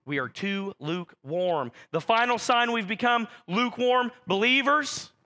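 High, bright-voiced man preaching a sermon. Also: lively intonation, measured pace. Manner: direct, conversational preaching addressing the church. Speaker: pastor.

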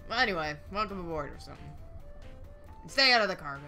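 A smug young bean seller in a game, sassy and self-satisfied, as a woman voices her. She talks brightly and breezily, bragging about her charm and her trade. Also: fairly low pitch, animated, fast, faint music behind.

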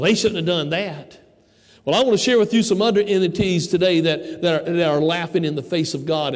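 A man with a high voice preaches a sermon and acts out the voices of the people in his story. His voice rings out with a long church reverb around it. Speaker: pastor. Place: church sanctuary.

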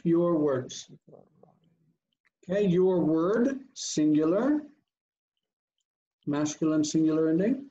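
A man teaches grammar to a class over a video call, his voice somewhat high and mellow. He works through the forms patiently, reading endings aloud and putting questions to his students. The audio is dull and lo-fi. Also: expressive, slow, long pauses, slight background noise. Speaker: Hebrew teacher. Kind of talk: online class lecture.

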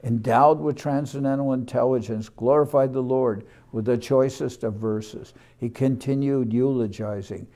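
A man, a monk leading a morning class, reading scripture aloud in a measured way, repeating phrases and adding short explanations. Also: medium pitch, steady tone, warm tone. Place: ashram class room.

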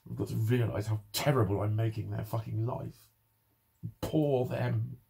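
A man's voice: lowish voice, steady tone, measured pace, gravelly, mellow, husky. A young man ranting in a personal vlog, swearing constantly and sounding frustrated and bitter. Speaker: vlogger. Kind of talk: angry personal vlog rant.

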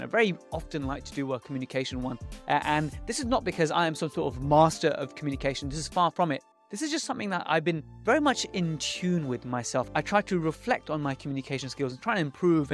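A male dentist hosts his own podcast with an earnest, explanatory manner, now and then slowing down to stress a word. His voice sits a little higher than most men's. Soft music runs faintly underneath. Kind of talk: scripted podcast intro and interview.

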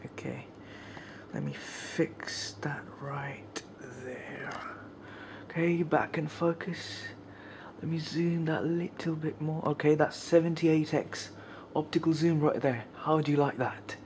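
A man vlogging casually outdoors at night while cold and shivering, talking to viewers with fillers and now and then dropping to quiet murmured asides, recorded on a camcorder's built-in mic. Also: a little high, steady tone, unhurried, a little hiss or hum. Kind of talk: casual vlog narration.

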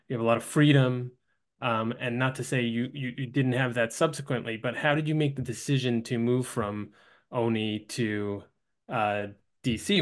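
A man hosting a podcast interview, asking long questions in a halting way, with many fillers and restarted words. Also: mid-range voice.

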